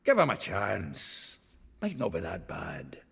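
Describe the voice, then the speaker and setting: An actor playing a gruff, boisterous male dwarf companion in a video game, speaking with a coarse, earthy way of talking. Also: deep voice, huge pitch swings, takes it slowly, fairly bright tone, full character voice. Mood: musing. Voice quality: gravelly, earthy, coarse-spoken.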